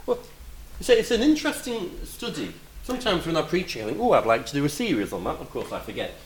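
Animated male preacher in an echoey hall. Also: on the high side, quick pace, slight background noise. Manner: animated, swinging between loud emphasis and quiet asides. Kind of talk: sermon.

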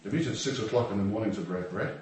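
Male preacher, chatty and joking, recorded from afar in a booming hall. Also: quick pace. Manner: humorous, conversational, with asides and acted quotes. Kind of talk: sermon. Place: church hall. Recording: echoey hall, distant mic, faint noise.

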